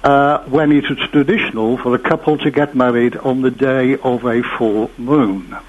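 A man calling a radio show, calmly explaining a bit of history. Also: mid-range voice, moderate pace, muffled recording. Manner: matter-of-fact, explanatory. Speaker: caller. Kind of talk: radio phone-in call.

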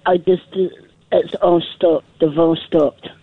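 A Scottish man phones in to a radio show, speaking in a halting, hesitant way. His fairly high voice comes over a tinny phone line and sounds dry and close. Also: steady tone, no echo. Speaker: caller.

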